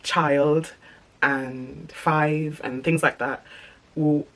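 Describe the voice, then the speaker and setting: Woman vlogger, crisp British received pronunciation, chatty but halting, trips over words and restarts. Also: a bass voice, poor audio. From English Midlands. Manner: frequent ums, restarts and light stutters. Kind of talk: casual talk to camera.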